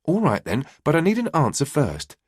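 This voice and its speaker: A man voicing an adult mother in audiobook dialogue, teasing and affectionate, a little higher than his narrating voice. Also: wildly swooping pitch, normal speed, slightly rough, dry recording, studio quality, exaggerated voice. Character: warm tired mother, adult woman.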